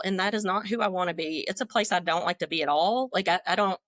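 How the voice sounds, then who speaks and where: A woman's voice: mid-range voice, fairly quick, hardly any pauses, a bit bright, no room sound. A middle-aged woman talking as a podcast guest, telling her own story in a frank, talkative, self-deprecating way. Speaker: guest, leadership coach. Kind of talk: candid conversational storytelling.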